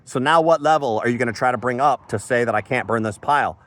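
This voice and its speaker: A man's voice: mid-range voice, fast, a bit bright, no room sound. A man giving a frustrated, rambling monologue on his farm, emphatic and casual, calling people "bro". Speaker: farmer vlogger. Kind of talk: casual ranting monologue to camera.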